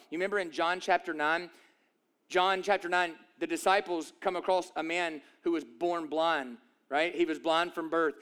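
High-voiced man preaching emphatically. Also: a bit bright, clean tone. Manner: emphatic preaching with rhetorical questions and repetition. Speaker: pastor. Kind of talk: sermon.

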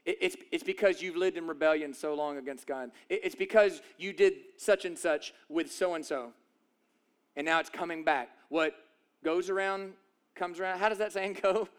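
A man's voice: on the high side, moderate pace, clean tone. A man preaching a sermon, emphatic, asking rhetorical questions and repeating phrases for effect. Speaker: pastor.

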